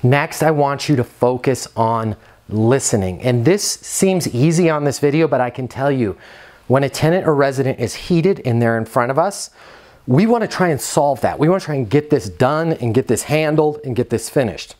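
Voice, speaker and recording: A man's voice: mid-range voice, expressive, moderate pace, a little mellow. Earnest man coaching property managers. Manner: earnest, coaching, repeats key phrases. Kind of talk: instructional talk to camera.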